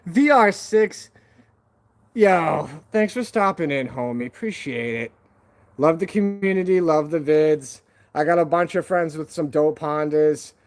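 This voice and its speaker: A man chats easily with viewers on a home live stream. His voice sits a little higher than most men's. His delivery is loose and friendly, full of "man" and "dude", as if he is hanging out with car buddies. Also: measured pace. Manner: laid-back, slangy, peppers talk with "man" and "dude".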